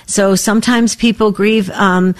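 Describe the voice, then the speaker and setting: A woman co-hosting a faith-based call-in radio show, speaking in a gentle, encouraging way to a caller. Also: medium pitch, fairly even intonation, unhurried.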